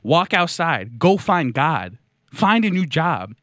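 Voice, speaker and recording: A man's voice: on the high side, very animated, slow pace, a bit bright, no echo, studio quality. A man hosting a podcast, delivering a mock-outraged, sarcastic comedic monologue. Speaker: podcast host.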